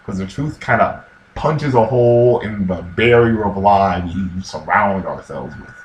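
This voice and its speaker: A man giving casual religious commentary in a slangy, animated way, acting out quotes in different voices. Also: fairly low pitch, measured pace. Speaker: vlogger. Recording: echoey room with faint ambience.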